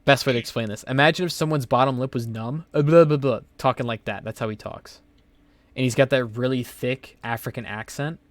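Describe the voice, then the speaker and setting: A man's voice: medium pitch, a little fast, fairly bright tone, no room sound. A young man hosting a podcast, telling stories in a rambling, profane way full of fillers. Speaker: podcast host. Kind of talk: casual podcast chat.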